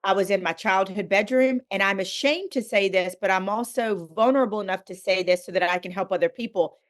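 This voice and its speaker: A middle-aged woman appears as a guest author on a podcast, sharing a candid personal faith story with earnest emphasis. Her mid-range voice moves a little fast.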